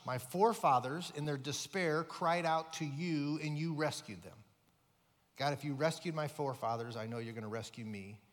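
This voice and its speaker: A male pastor preaching a sermon with emphatic delivery, rising and falling in force. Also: medium pitch. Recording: long hall reverb.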